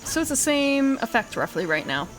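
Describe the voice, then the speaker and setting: A woman's voice: sits high, big pitch swings, normal speed, soft background music, poor audio. A young woman streamer chatting casually through a first-time game playthrough, rambling and correcting herself as she talks. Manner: rambling and self-correcting, with frequent laughs and swearing.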